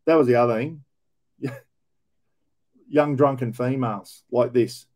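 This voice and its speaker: An Australian man with a dark, mellow tone tells his old police stories bluntly, swearing freely and leaning on slang. He speaks at a middling pitch in a loose, casual reaction-video style. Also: measured pace. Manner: blunt, profane storytelling with slang.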